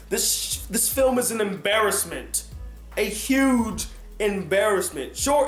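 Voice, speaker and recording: A man giving an animated, exasperated film review rant, swearing often. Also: high-pitched, roomy sound. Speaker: film critic.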